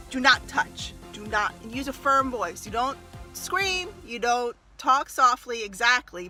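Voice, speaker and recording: A woman talking casually to camera as a mother and former early childhood teacher, animated and laughing often as she acts out little scenes. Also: fairly high pitch. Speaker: mother giving parenting tips. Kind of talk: casual advice vlog to camera.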